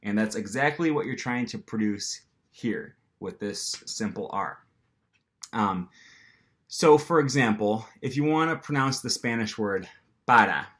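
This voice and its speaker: A man with an American accent teaching pronunciation to camera in a casual manner, with frequent ums, and acting out the sounds himself. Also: on the low side. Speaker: language teacher.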